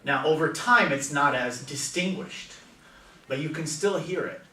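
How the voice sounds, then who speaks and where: Chatty teacher in an echoey classroom. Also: male voice, on the high side, a little slow, bright, forceful tone, far from the mic, slight background noise. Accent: General American. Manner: chatty, asks students questions. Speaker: language teacher. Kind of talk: classroom lecture.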